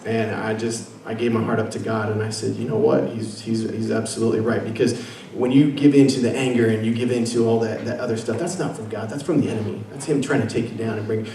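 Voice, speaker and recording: Young man, earnest testimony, halting with fillers, echoey room, distant mic. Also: fairly low pitch, steady tone, dark tone. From Washington State. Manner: earnest, many fillers and restarts. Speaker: guest speaker. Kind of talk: personal faith testimony at an event. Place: meeting room with an audience. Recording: echoey room, picked up from afar, faint noise.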